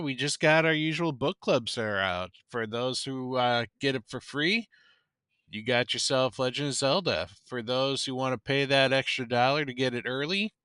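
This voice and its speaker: A man co-hosts a podcast, his voice very bright and smooth. He runs through upcoming episodes in casual talk and drops dry, wry asides. The sound is close and dry. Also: medium pitch, no room sound. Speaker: podcast co-host. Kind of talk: casual chat.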